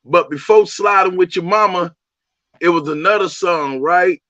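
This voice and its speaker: Guy bragging crude about his songs, kinda high voice, muffled close recording. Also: moderate pace, bright, forceful tone, dry recording. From Miami, USA. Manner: boastful, crude, streetwise. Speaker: musician guest. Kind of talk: casual interview chat. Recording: dull lo-fi audio.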